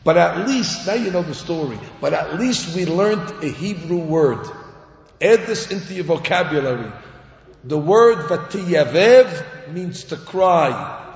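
A high, gravelly male voice tells a sermon story slowly and animatedly, acting out characters and crying sounds along the way. He speaks in a long-echoing hall. The recording is dull and lo-fi. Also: lively intonation. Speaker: rabbi or Torah teacher.

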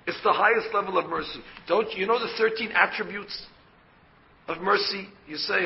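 A man's voice: sits high, normal speed, creaky, dull audio, a little hiss or hum. A man, a rabbi, giving a Torah lecture and explaining by asking questions and answering them himself. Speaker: rabbi teaching a Torah class.

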